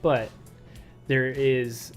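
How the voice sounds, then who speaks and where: A man's voice: medium pitch, flat delivery, very slow, soft background music. A man from the American Midwest co-hosting a casual podcast chat, rambling and laughing often, with casual swearing. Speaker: podcast co-host.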